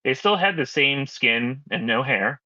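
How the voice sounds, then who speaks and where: A man reading a fan story aloud with steady narration and joking asides, as host. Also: mid-range voice, measured pace, no echo, muffled recording.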